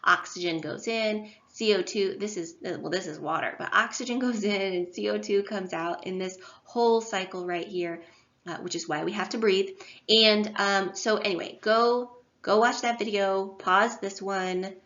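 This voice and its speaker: A woman's voice: mid-range voice, normal speed, fairly bright tone. A woman giving a recorded online lecture in a chatty, self-deprecating way, with many fillers and restarts. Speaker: instructor. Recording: slightly dull lo-fi audio.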